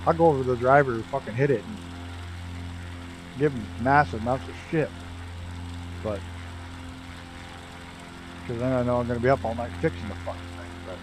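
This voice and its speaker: A man's voice: mid-range voice, moderate pace, pauses often, music in the background, rough recording. A man chatting casually while streaming a flight simulator, telling profane racing stories and laughing often.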